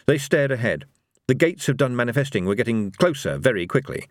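A man narrating an audiobook in a lively, expressive reading. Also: mid-range voice, a little fast, no room sound, clean studio sound.

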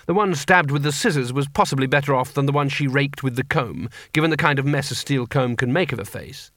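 A man narrating an audiobook in a dry, even storytelling manner. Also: medium pitch, brisk, no room sound.

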